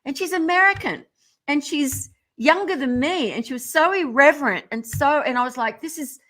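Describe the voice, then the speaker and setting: Middle-aged woman, radio interview guest, fairly high voice, animated, irreverent, laughs a lot. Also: moderate pace.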